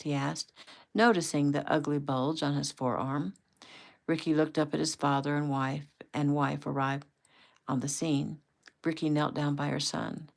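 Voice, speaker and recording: A woman reading her own novel aloud at home in a relaxed, conversational way. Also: low voice, measured pace, creaky. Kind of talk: casual audiobook reading.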